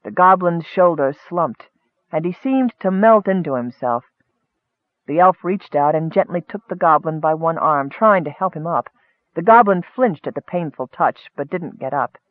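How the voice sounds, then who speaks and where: A man narrating a fantasy story in a steady, measured audiobook reading. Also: a little high, no echo, narrow, tinny audio.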